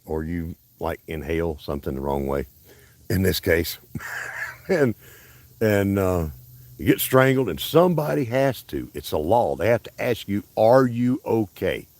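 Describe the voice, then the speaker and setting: A man's voice: sits low, lively intonation, moderate pace, a little mellow, dry recording. A man from Alabama with a Southern accent, hosting a casual, rambling livestream chat outdoors at a park in a folksy way. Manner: folksy, rambling, self-interrupting. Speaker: livestream host.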